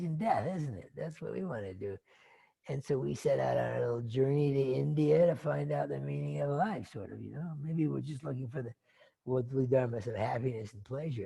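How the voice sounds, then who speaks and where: A man's voice: medium pitch, creaky, mellow, slightly rough. A man giving a dharma talk who retells a story in a rambling, conversational way, full of asides and fillers. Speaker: dharma teacher.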